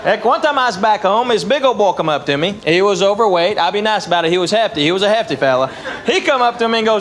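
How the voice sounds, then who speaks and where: A man's voice: high voice, expressive, fast, a bit bright. A young man with an East Tennessee Southern accent doing stand-up in a folksy drawl, chuckling between lines. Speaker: stand-up comedian. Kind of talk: stand-up comedy set. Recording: live club recording with crowd and hum.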